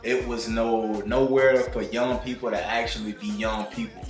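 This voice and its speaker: A man's voice: lowish voice, level tone, moderate pace. A man in his twenties telling a personal story to viewers in laid-back, slangy talk. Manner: laid-back slang, calls listeners bro. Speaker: vlogger. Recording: roomy echo with faint music.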